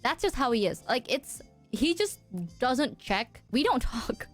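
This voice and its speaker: High, lively young woman streamer. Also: unhurried, soft background music. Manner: animated storytelling, acts out quotes, swears casually. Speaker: VTuber streamer. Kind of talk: casual stream chat.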